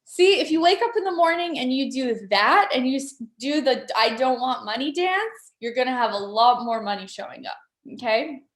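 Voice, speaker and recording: A woman's voice: high-pitched, animated, normal speed. Upbeat woman coaching in an echoey room. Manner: playful, upbeat, coaxing the audience. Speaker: workshop facilitator. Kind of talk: live online motivational workshop.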